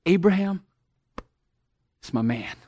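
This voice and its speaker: A man's voice: high voice, lively intonation, slow, darkish tone, no echo, exaggerated voice. A man voicing a devoted ancient wife who fondly murmurs praise of her husband under her breath. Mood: admiring.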